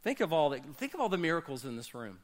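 A man preaching a sermon as pastor, swinging between loud bursts and quiet low asides. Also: very animated, fast talker.

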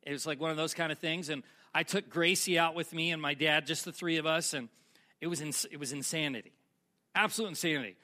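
A man's voice: on the high side, fast talker, pushed and bright. A man preaching a sermon to a congregation, telling a personal story in a conversational way and asking the audience questions. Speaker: pastor.

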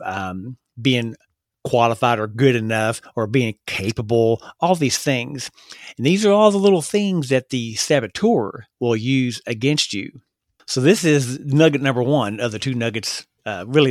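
A man talks straight into a close podcast mic in a dry, deadened space, his voice sitting at a middling pitch. He speaks earnestly and gets carried away with excitement, tripping over words and restarting sentences as he goes. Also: no room sound. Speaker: podcast host. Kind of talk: solo motivational podcast talk.

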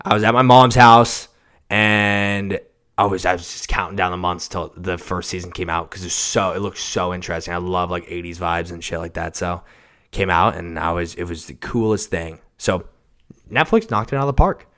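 A low-voiced man hosting a solo podcast from a home setup. He rambles and swears, dropping to mumbles and then jumping up to shouts. The sound comes from a cheap mic without a pop filter. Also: moderate pace. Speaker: podcast host. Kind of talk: solo casual podcast rant.

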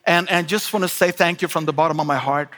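A middle-aged Swedish-accented pastor with a high voice, preaching a lively sermon. He jokes in asides and restarts his phrases. His voice rings through the long reverb of a large church auditorium. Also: fast. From Sweden. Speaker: guest pastor.

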